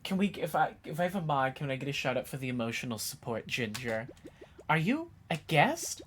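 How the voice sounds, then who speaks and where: A woman's voice: rumbling low, very animated, a little fast, a little hiss or hum. Chatty, swearing woman streamer. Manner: chatty, self-mocking, swears casually. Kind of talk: casual live-stream chat while gaming.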